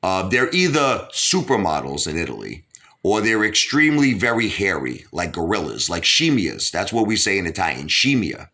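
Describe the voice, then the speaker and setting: A man's voice: deep voice, sing-song, moderate pace, bright, forceful tone. A man from Brooklyn, hosting a casual interview and rambling with lots of "you know". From Brooklyn, New York. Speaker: host.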